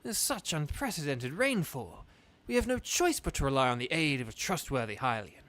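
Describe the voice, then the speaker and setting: A man voicing an earnest young fish prince in a video game, speaking in an even, measured way. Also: fairly high pitch. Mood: firm.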